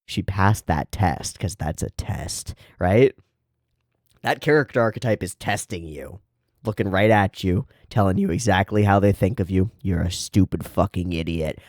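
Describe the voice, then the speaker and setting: A man's voice: low voice, moderate pace, dry recording, clean studio sound. A man hosting an anime reaction video, talking casually and animatedly, often laughing and swearing as he comments.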